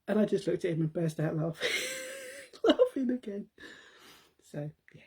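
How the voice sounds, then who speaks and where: A woman's voice: mid-range voice, huge pitch swings, moderate pace, long pauses, mellow, slightly rough. A middle-aged woman, chatting casually to viewers on a live stream, telling a funny family story and laughing often.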